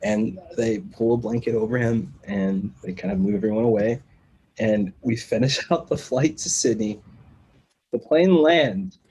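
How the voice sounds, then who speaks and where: Mellow-voiced man telling a lively story. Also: on the low side, a little slow, slightly rough, rough recording. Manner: animated storyteller who acts out quoted voices and laughs between lines. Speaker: podcast guest, musician. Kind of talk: casual interview storytelling.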